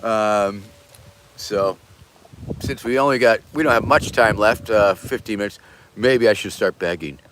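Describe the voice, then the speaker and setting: An older man hosting a casual livestream, reading viewer messages with deadpan absurd jokes and bursts of loud begging for donations. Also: fairly low pitch, measured pace, slight background noise. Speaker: livestream host reading super chats.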